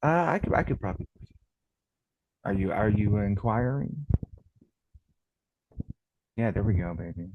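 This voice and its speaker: A man's voice: fairly low pitch, expressive, measured pace, long pauses, lo-fi sound, background noise. A man calling in to a talk show, telling long rambling stories and swearing constantly. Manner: profane, rambling storytelling. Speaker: caller. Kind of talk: casual call-in chat.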